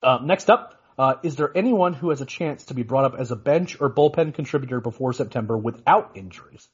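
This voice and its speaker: A man's voice: mid-range voice, expressive, a little fast, slightly rough, dull audio. A man co-hosting a casual sports podcast, rambling with lots of restarts and "you know"s. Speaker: podcast co-host.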